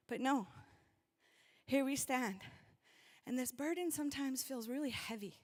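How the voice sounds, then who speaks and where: Animated woman speaking at a rally. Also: high-pitched, moderate pace, long pauses. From North Dakota. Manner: animated, calls out to the crowd, leads the audience through a reflection. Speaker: event speaker. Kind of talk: rally speech.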